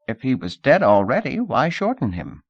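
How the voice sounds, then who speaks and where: A man's voice: medium pitch, wildly swooping pitch, moderate pace, breathy edge, dry recording, lo-fi sound, pitched above the performer's own voice, full character voice. A man voicing a sly old female fortune-teller with a coaxing, evasive patter.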